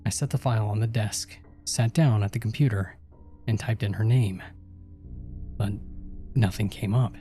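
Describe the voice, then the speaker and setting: A man's voice: lowish voice, fairly even intonation, normal speed, long pauses, mellow, faint music behind. A man reading first-person horror stories aloud and voicing the characters in the dialogue. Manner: voices each character in dialogue. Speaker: horror story narrator. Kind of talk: scripted horror narration.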